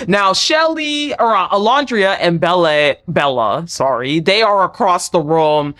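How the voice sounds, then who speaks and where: A woman giving a casual, chatty reality TV recap, often acting out cast members in high mocking voices. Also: sing-song, takes it slowly, hardly any pauses, a bit bright. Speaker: recap vlogger.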